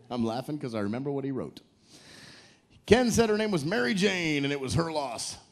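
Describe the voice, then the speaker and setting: A man hosting a live couples game show on a cruise ship stage. His voice sits fairly high and leaps around with energy as he jokes, teases the players and calls on the audience to cheer. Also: sing-song, fairly quick. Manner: joking, teasing, hypes the crowd.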